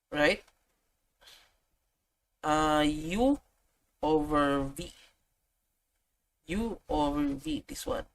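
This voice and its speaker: A woman's voice: sits low, a little hiss or hum, rough recording. A woman tutoring math, thinking aloud and chatting as she works through problems. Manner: thinks aloud, self-correcting, chatty asides. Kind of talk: casual tutorial walkthrough.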